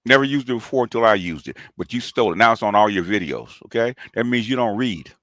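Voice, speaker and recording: A man's voice: lowish voice, expressive, quick pace, a bit bright, no echo, clean studio sound. A man, hosting a channel and delivering a combative, taunting call-out rant, often tossing in "okay?". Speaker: commentary channel host.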